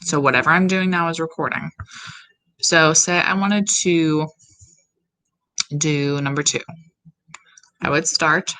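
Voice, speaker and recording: A woman music teacher giving slow, step-by-step instructions in a recorded tutorial for her students. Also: low-pitched, a bit bright, rough recording.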